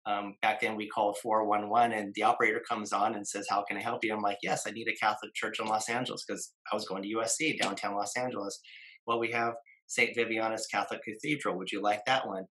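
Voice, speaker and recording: A guest in his fifties tells a long personal story in casual conversation, his voice a little low yet bright and forward with a level tone. He halts often with fillers, restarts phrases, and acts out the voices of people he quotes. The recording is low quality.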